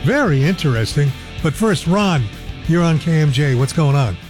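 A man's voice: a little high, lively intonation, moderate pace, music in the background. An older man hosting a radio talk show, speaking in a chatty, offhand way.

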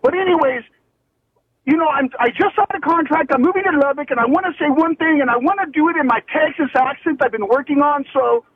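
A man's voice: very high voice, fast talker. A man calling in to a radio show, rambling from point to point with lots of fillers. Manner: meandering, filler-heavy. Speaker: caller. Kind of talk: rambling call-in rant. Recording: tinny phone line.

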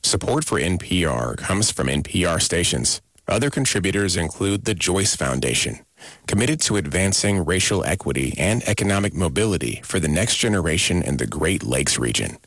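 A man reading a sponsor announcement in a smooth, deliberate way. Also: deep voice, sing-song, a bit bright, no room sound.

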